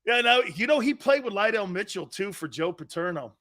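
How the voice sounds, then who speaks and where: A middle-aged man hosting a sports talk show, telling stories loudly and laughing often. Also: sits high, expressive, a little fast. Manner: loud, laughing, impersonates family in quotes. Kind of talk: animated sports talk storytelling.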